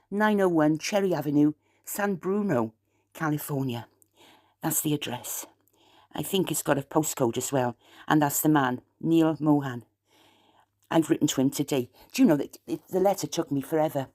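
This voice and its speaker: Woman, South Welsh accent, deep-pitched, chatty, meandering vlogger. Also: a little mellow. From South Wales. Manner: chatty, wandering, aggrieved asides. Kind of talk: rambling late-night chat to camera.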